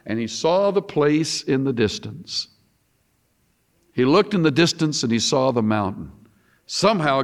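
A man preaching a sermon, reading scripture aloud and moving between loud emphasis and quiet asides. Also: medium pitch.

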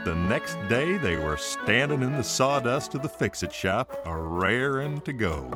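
A woman's voice: a bass voice, very animated, unhurried, loud music behind the voice. A woman narrating a children's story in a storybook manner.

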